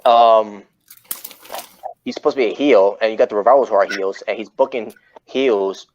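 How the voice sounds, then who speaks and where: A man's voice: on the low side, moderate pace, darkish tone, slight background noise. A man hosting a casual wrestling chat podcast, rambling and often correcting himself mid-sentence. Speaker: podcast host. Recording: muffled lo-fi audio.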